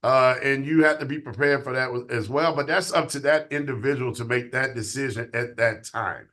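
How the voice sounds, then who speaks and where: Measured man reflecting as a police guest. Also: mid-range voice, pushed and bright. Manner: measured, reflective, hesitant fillers. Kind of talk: conversational interview.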